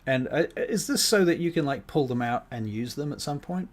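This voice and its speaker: A man's voice: mid-range voice, fairly quick, crowd noise. A man running a tabletop game as game master, casual and joking. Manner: relaxed, joking, many fillers.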